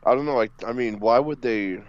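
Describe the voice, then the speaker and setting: Male co-host, low and blunt, recorded dry and a bit muffled. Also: fairly quick, no room sound. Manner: blunt, skeptical, swears casually. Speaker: podcast co-host. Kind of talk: casual wrestling podcast chat.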